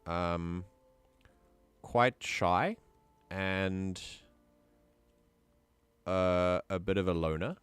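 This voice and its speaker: A man's voice: low voice, fairly even intonation, very slow, pauses often, clean tone, no echo, faint music behind. Easygoing man musing aloud on stream. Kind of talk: casual livestream chat.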